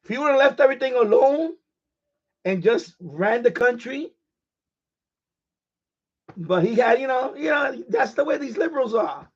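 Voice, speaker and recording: A man's voice: very high voice, lively intonation, moderate pace, long pauses, breathy edge, lo-fi sound. A man hosting a live stream in casual chat, boisterous and profane, laughing often.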